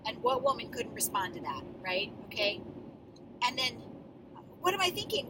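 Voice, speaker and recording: A woman giving a drama coach's feedback to her student actors, patient and explanatory, often pausing on fillers as she works through a script. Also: mid-range voice, animated, far from the mic, noisy background. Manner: encouraging, explanatory, with many fillers.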